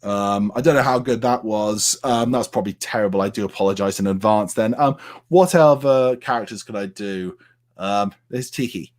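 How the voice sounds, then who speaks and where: A man's voice: lowish voice, moderate pace. A man from the United Kingdom chatting casually on a live stream and answering viewers' comments with plenty of fillers.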